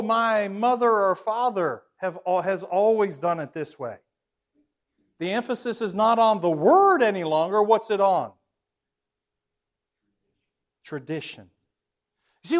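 A man with a notably high voice leads a Bible class. He reads verses aloud with stress on key words, then puts questions to the group. His level swings widely, sometimes dropping almost to a murmur. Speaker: preacher.

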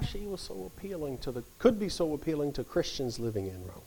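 Animated man teaching a Bible study. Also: on the high side, brisk, gravelly, hardly any pauses, breathy edge, rough recording. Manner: animated, swings from loud emphasis to near whisper.

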